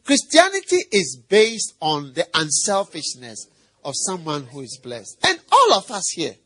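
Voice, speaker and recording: A middle-aged man preaching, his voice riding high and swinging widely in pitch. The tone is husky, and he talks in a playful, animated way, firing questions at the congregation and breaking into animal sounds. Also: measured pace. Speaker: pastor. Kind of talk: sermon.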